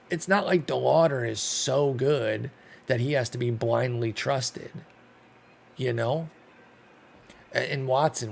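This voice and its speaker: Playing a baseball sim, a young man commentates on his own game for YouTube, musing aloud, getting annoyed and cursing. He has a mid-range voice with vocal fry, and the recording carries a little hiss or hum.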